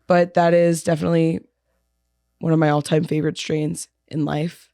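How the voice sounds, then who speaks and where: A woman's voice: low-pitched, flat delivery, normal speed, gravelly, warm tone, no echo, clean studio sound. A young woman co-hosting a podcast in a laid-back casual chat, laughing often and using many fillers. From New York area. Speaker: podcast co-host.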